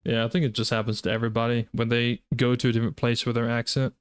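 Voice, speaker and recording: A man's voice: medium pitch, completely flat delivery, fast talker, clear, resonant tone, no echo, clean studio sound. A man with a Southern US accent chatting casually while streaming a game, rambling with lots of fillers and restarts. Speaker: gaming streamer. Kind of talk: casual live-stream chat while gaming.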